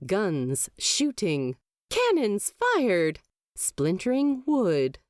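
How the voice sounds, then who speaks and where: Expressive woman narrating an audiobook. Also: mid-range voice, dry recording, studio quality. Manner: expressive storytelling, lively inflection. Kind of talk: fan fiction audiobook narration.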